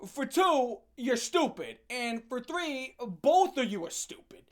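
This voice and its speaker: A woman telling a comic story as a channel host, in a sarcastic, profane and animated rant. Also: high-pitched, slow.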